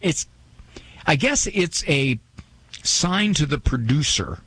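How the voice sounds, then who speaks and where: A man's voice: on the high side, sing-song, slow, pauses often, a bit bright, husky. A man hosting a radio talk show, chatting in a joking, self-mocking way and acting out little quoted asides. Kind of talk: casual radio monologue.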